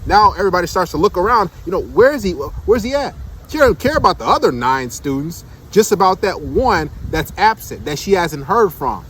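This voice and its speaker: Blunt high-voiced man ranting. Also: sing-song, a little fast, hardly any pauses, fairly bright tone, slight background noise. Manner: blunt, emphatic, rhetorical questions. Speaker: dating commentator. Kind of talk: casual monologue commentary.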